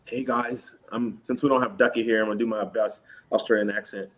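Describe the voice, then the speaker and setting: A man's voice: on the low side, steady tone, brisk, fairly bright tone. A man co-hosting a podcast in casual, laid-back chat, rambling and joking. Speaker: podcast co-host.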